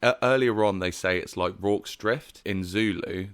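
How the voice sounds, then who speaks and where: A man's voice: on the low side, unhurried, smooth, no room sound, clean studio sound. A man co-hosting a casual film review chat, enthusiastic, swearing and laughing often. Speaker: podcast co-host.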